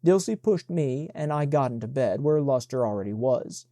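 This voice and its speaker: Reading an audiobook, a man keeps his delivery even and measured at a medium pitch. The studio sound is clean, with no echo.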